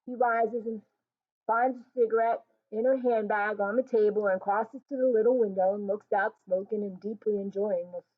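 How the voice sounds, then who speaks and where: A woman reading a stage play aloud, giving the stage directions in an even, matter-of-fact way. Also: medium pitch. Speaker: reader. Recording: tinny phone-like sound.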